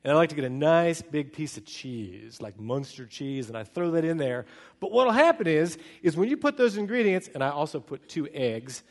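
A middle-aged man preaches with a fairly high voice, moving from bursts of loud excitement down to slow, hushed stretches. His sermon carries the long reverb of a large hall around it. He tells stories like a pastor speaking to his congregation.

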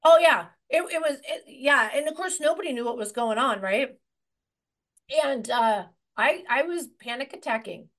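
Energetic rambling woman realtor. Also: high voice, moderate pace. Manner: energetic and rambling, many restarts. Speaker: real estate agent, guest. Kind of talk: conversational storytelling interview.

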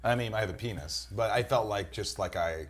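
A man in his forties, from New York and raised in Indiana, chatting as a guest and telling animated, profane stories. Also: on the low side, brisk. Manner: animated storyteller, swearing, mock voices. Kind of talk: casual chat.

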